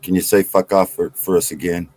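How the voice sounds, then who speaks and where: A man's voice: deep voice, little pitch movement, a little fast, a little mellow. A man on a livestream, teasing the others with crude jokes. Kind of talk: casual livestream banter.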